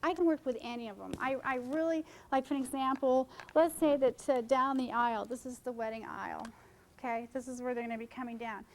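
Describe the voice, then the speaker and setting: A woman's voice: sits high, fairly quick, low-quality recording. A middle-aged woman giving a casual seminar to photographers, chatty and joking, jumping from topic to topic. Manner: chatty, jumps between topics, jokes with audience. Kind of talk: informal seminar talk to photographers. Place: conference room.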